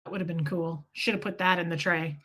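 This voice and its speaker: A woman hosting a casual livestream. She tells a story in an animated, sarcastic way, swearing freely and thanking viewers for super chats. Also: on the low side, brisk. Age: adult, mother of a school-age son.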